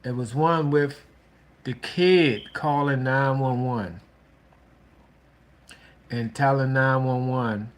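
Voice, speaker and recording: A man hosting a relationship talk, giving casual advice in a slow, halting way with many restarts and fillers. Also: medium pitch.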